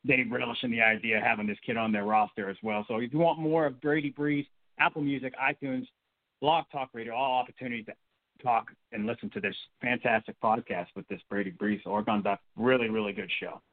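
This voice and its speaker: Male sports podcast host: quick, upbeat, rambling; phone-line audio. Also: mid-range voice, steady tone. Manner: upbeat, rambling with repeated words.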